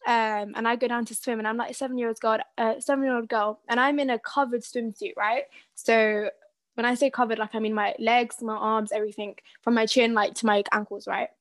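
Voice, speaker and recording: Young woman, podcast co-host, chatty storyteller, higher voice, dry close sound. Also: a little fast, no room sound. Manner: chatty, animated storyteller with many fillers. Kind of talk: casual chat.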